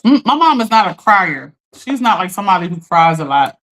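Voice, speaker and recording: A woman hosting a live stream, telling a story in an animated, chatty way, talking straight to her viewers and laughing often. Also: on the low side, fairly quick. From Philadelphia. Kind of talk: casual storytelling to a live audience.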